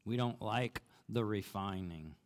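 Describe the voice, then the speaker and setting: A man preaching a sermon, telling a story in an earnest, conversational way that grows animated as he goes. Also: fairly low pitch, measured pace. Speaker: pastor. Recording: long reverb of a large hall.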